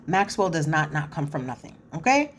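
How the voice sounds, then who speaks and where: A woman's voice: low-pitched, big pitch swings, moderate pace, slight background noise. A woman giving a chatty, blunt, slangy recap of a reality show, with lots of fillers. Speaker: reality TV commentator. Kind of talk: casual recap commentary.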